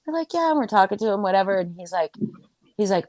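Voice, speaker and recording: A woman telling a crude anecdote in casual chat, animated, swearing and full of fillers. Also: medium pitch, fairly quick, no room sound. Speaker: storyteller.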